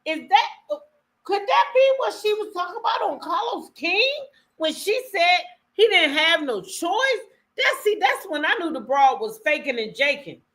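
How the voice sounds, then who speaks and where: A woman host reacting to a video with loud exclamations and slang. Her voice is high and bright. Her pitch swoops all over as she talks. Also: sing-song, a little slow. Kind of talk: casual reaction commentary.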